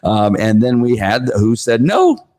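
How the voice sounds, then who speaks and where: At a measured pace, a man hosting his own show recaps a school board meeting in casual talk. He's animated and full of fillers, his pitch jumping up whenever he acts out the crowd.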